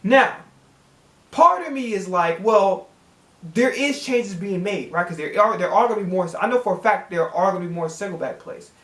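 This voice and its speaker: A man's voice: high voice, lively intonation, normal speed, fairly bright tone, reverberant. A man hosting a sports reaction channel, ranting as a fan with heavy cursing and words repeated when he gets worked up. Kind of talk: profane fan rant.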